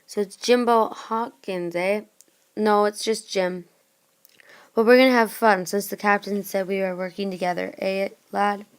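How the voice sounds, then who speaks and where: A woman's voice: mid-range voice, fairly even intonation, a little slow, clear, resonant tone, natural voice. Scheming pirate cook, brash and sly, voiced by a woman; storybook. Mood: jolly. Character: scheming male pirate ship's cook, friendly on the surface.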